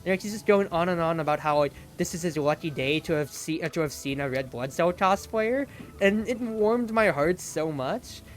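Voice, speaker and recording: A young adult streamer chatting casually on a desk microphone. The talk is loose and rambling, full of "like" fillers and restarts. Faint game music plays softly behind the voice. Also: mid-range voice, animated, moderate pace. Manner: rambling storytelling, heavy use of "like". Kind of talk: casual stream chat while playing.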